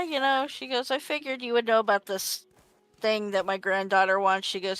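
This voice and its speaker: A woman chatting casually with friends, telling stories in an animated way. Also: medium pitch, normal speed, clean tone, no room sound, faint music behind. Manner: animated storytelling.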